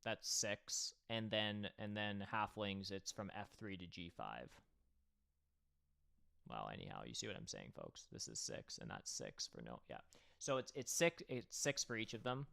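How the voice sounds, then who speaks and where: A man with a lowish, gravelly voice hosts a livestream. He casually breaks down a board game match and thinks aloud. He talks directly to his viewers as he goes. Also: sing-song, a little slow, a bit bright. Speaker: host and game commentator.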